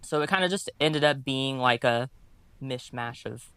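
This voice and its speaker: A man with a bright, smooth voice chats on a role-play podcast. He rambles easily, with fillers. The sound is dry and close to the mic. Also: mid-range voice, moderate pace, no echo. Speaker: tabletop role-play player. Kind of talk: casual podcast chat.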